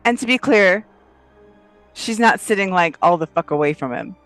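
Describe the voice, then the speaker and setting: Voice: medium pitch, expressive, normal speed, fairly bright tone, soft background music. A player at a tabletop game who talks casually, swears freely and pushes plans with playful confidence.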